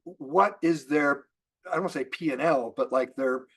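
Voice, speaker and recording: A man giving an energetic business training talk to a sales team, asking rhetorical questions and often restarting his sentences. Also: a little high, normal speed, slightly rough. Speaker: network marketing trainer.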